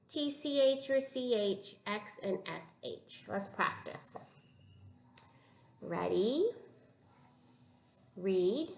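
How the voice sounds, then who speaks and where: A woman teacher giving a phonics lesson to young children, modeling words slowly and patiently. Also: medium pitch, vocal fry. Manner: slow, patient, drawn-out word modeling. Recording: echoey room with faint room noise.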